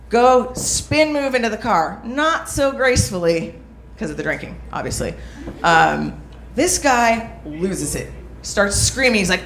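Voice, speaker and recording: A woman's voice: medium pitch, animated, normal speed, fairly bright tone. Young woman doing stand-up, brash storytelling, roomy club sound. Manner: brash storytelling with crowd asides. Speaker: stand-up comedian. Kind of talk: stand-up comedy set. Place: small comedy club stage. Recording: roomy club with audience laughter.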